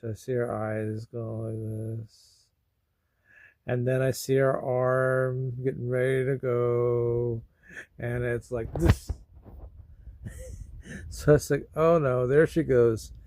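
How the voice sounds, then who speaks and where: A man vlogging about feeling sad and sleepy, talking in a slow, rambling way with sudden loud bursts. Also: mid-range voice, flat delivery, dry recording. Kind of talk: emotional personal vlog.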